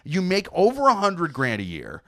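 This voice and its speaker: A man's voice: a little high, wildly swooping pitch, normal speed, sharp tone, dry recording. A man co-hosting a comedy podcast, riffing in casual chat and swearing freely. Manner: profane, riffing, slips into comic voices. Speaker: podcast co-host.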